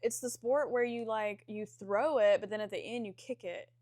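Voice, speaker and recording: A young woman with a Southern US accent, hosting a podcast in casual chat, blunt and quick to swear as she eggs on her friend's stories. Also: mid-range voice, a little mellow. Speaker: podcast host.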